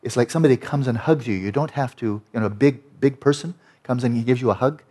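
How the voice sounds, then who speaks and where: A man teaching breath meditation to a group in a gentle, conversational way, often repeating words softly. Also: mid-range voice, quick pace, husky. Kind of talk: guided meditation instruction.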